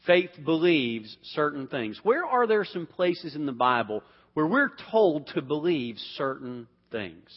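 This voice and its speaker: A man's voice: a little high, sing-song, a little slow. A man leading an interactive Bible class, asking the group questions and often restarting his sentences. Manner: asks questions, repeats words, restarts often. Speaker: Bible teacher. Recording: dull sound with long hall reverb.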